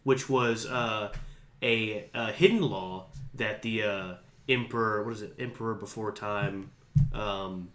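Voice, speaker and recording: A man co-hosting a casual podcast, retelling scenes in an animated way and acting out lines with loud, silly voices. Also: fairly low pitch, a little slow. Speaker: podcast co-host. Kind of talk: casual film podcast chat. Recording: echoey room.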